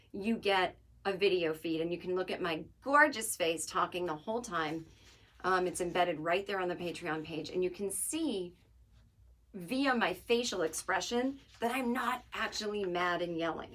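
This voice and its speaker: A woman's voice: on the low side, a bit bright. A woman hosting her podcast alone, talking casually in a wry, joking, rambling way. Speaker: podcast host. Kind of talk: casual solo monologue.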